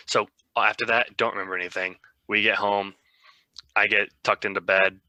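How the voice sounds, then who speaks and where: A man's voice: lowish voice, little pitch movement, normal speed, pushed and bright, no room sound. A young man co-hosting a podcast, telling a rambling, self-mocking story in a casual way. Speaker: podcast co-host.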